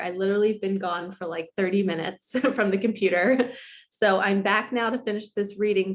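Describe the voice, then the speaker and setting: A woman giving a tarot reading from her apartment, telling stories in a chatty way and acting out the people she quotes. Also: medium pitch. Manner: chatty storytelling, quotes others in lively voices. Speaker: spiritual tarot reader. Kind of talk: casual spiritual vlog talk.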